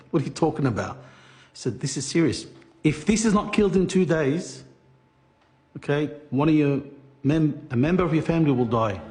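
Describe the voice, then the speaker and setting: A man's voice: on the high side, a little mellow. A man in an interview recounting an ordeal, stumbling over restarts and acting out what others said. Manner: acts out others' lines, halting restarts. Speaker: interviewee recounting being scammed. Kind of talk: animated storytelling interview.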